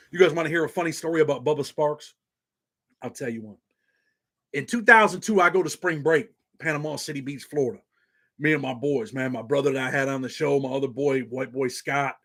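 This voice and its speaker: A man's voice: medium pitch, brisk, fairly bright tone. A man in his forties from New York with a slight Southern country twang, hosting a casual, streetwise monologue and calling his viewers "man" constantly. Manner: laid-back, streetwise, drops "man" constantly. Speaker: channel host.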